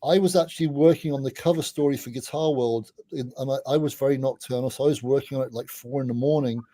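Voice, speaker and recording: A middle-aged man, a podcast guest, telling anecdotes in a chatty way, often restarting his sentences and dropping in quick asides. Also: medium pitch, steady tone, mellow, no echo. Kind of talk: casual anecdotal storytelling.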